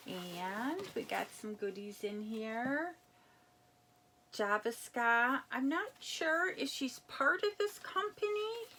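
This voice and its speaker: A woman chatting casually as she unboxes a gift package, reading labels aloud and reacting with excitement. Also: high voice, takes it slowly, hardly any pauses. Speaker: unboxing vlogger. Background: crinkling packaging.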